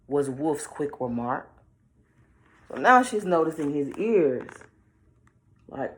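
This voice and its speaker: A woman reads a picture book aloud at a slow, unhurried pace, stopping to chat playfully about what is on each page. Her voice sits low but moves up and down a lot. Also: expressive. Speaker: storyteller reading a picture book. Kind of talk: read-aloud with chatty commentary.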